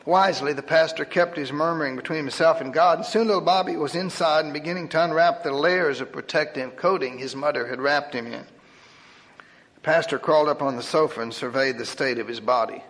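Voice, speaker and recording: A man reading a humorous story aloud in a wry, lively storytelling manner. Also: on the high side, brisk. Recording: long hall reverb.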